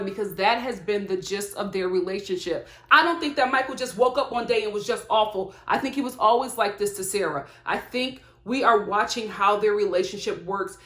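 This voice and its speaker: A woman reviewing a reality TV show in a comedic vlog, talking in an animated way with sassy asides and frequent laughter. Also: fairly high pitch. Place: indoor room with studio lights. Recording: roomy echo.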